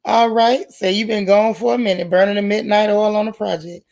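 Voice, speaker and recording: A woman hosts a casual live-chat stream, chatty and folksy with relaxed slang, greeting each viewer by name with pet nicknames. Her mid-range voice is fairly quick and creaky.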